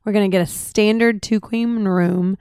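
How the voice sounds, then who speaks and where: A woman's voice: mid-range voice, steady tone, normal speed, darkish tone, smooth, dry recording, clean studio sound. A woman co-hosting a podcast in casual chat, giving brief replies and laughing easily. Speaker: podcast co-host.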